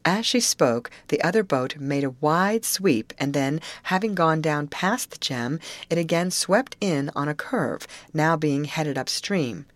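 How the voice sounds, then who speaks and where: A woman narrating a classic novel for an audiobook in a clear, even storytelling manner. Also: deep voice, a little slow, hardly any pauses, dry recording.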